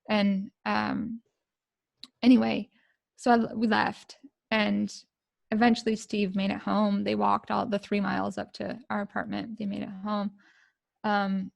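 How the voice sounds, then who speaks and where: Middle-aged American woman, podcast guest. Gravelly, flat delivery, emotional and halting, dry close sound. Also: mid-range voice, dry recording. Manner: emotional, halting, many fillers and restarts. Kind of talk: personal storytelling.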